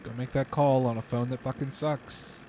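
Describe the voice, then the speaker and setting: A man's voice: medium pitch, fairly even intonation, moderate pace, noisy background. A man hosting a casual let's-play stream, laid-back and profane, laughing often. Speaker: podcast host and streamer.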